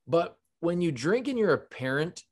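A man in his thirties, a podcast co-host and parent, talking in relaxed, rambling casual sports chat. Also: a little high, normal speed, slightly rough.

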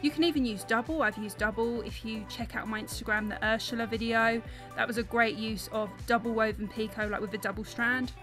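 A woman's voice: on the high side, fairly even intonation, fairly quick, fairly bright tone, soft background music. A young woman with a South East London accent, talking through an embroidery tutorial step by step in a chatty, apologetic way. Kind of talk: voice-over tutorial narration.

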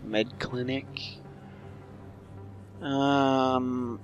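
A man's voice: mid-range voice, steady tone, very slow, lo-fi sound, loud music behind the voice. A man giving casual, joking commentary while playing a game, rambling and unsure. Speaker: gamer.

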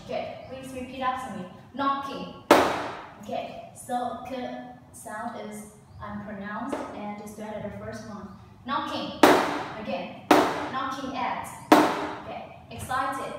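Woman teacher, slightly high, very slow drill prompts; distant camera in a loud, echoey classroom. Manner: slow, clear repeat-after-me prompts. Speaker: English teacher. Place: school classroom. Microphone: far camera. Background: students and classroom noise.

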